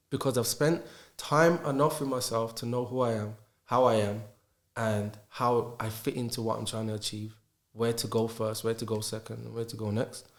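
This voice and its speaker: Man, earnest guest who works through ideas with rhetorical questions, mid pitch, roomy echo. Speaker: podcast guest. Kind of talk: casual podcast chat.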